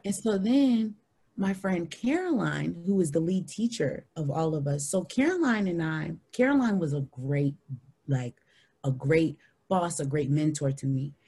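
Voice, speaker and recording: A woman in her thirties, a podcast guest telling a story in an animated way, acting out the people she quotes. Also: unhurried, slightly rough. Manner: animated, acts out quoted people in high voices.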